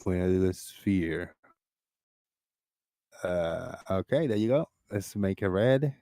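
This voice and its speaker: Excitable rambling Floridian host, dry mic. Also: male voice, sits low, slow, no room sound. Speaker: host of a live call-in discussion. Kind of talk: casual live-stream chat.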